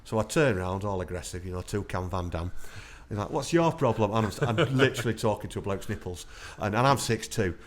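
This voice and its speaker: Fast-talking veteran storyteller. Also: male voice, fairly low pitch. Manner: chatty anecdotal, laughs through stories. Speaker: army veteran guest. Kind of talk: casual storytelling interview.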